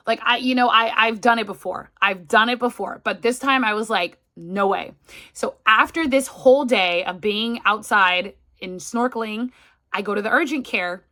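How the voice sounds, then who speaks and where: Thirties woman, casual story-time vlogger, bright voice of medium pitch, sounds feverish and worn down. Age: 30s. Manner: chatty, retelling with quoted asides. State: sick and feverish. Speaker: travel vlogger.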